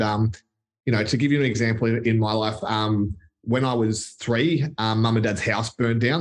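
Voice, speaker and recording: An Australian man being interviewed as a company chief, speaking in a relaxed, thoughtful way with frequent pauses. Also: lowish voice. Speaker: company CEO, guest. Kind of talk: casual interview chat.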